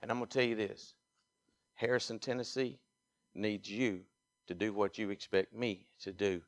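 Mississippi preacher delivering an emphatic sermon. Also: male voice, fairly low pitch, fairly even intonation, moderate pace. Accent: Southern US, Mississippi. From Mississippi, USA. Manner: emphatic preaching, swinging from quiet asides to loud exhortation. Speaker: pastor.

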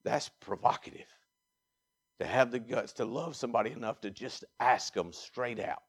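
A pastor from Mississippi with a Southern accent, preaching a sermon and swinging from quiet asides to loud, emphatic exhortation. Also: male voice, medium pitch, normal speed, slightly rough. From Mississippi, USA.

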